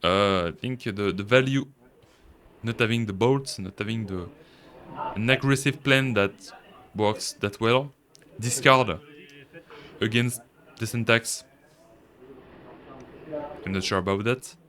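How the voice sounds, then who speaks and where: Slow-talking French man casting a match. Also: on the low side. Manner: relaxed, thinking aloud. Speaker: match commentator. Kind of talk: casual card-game commentary.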